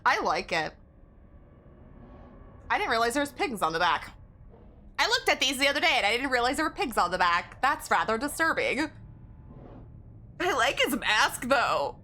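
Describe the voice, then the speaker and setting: A woman's voice: on the high side, sing-song, fairly quick, pauses often, sharp tone. A woman game streamer in casual live-stream chat, rambling and giggling as she talks to her viewers.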